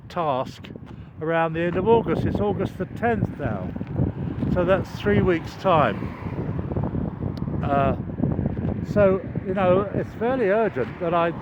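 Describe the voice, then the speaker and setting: An older man chatting in a rambling, wry way with many fillers and restarts while walking outdoors and filming. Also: fairly high pitch. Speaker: vlogger filming a construction site. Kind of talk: rambling walk-and-talk narration. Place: outdoors by a road, walking downhill. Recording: dull outdoor camera audio with traffic noise.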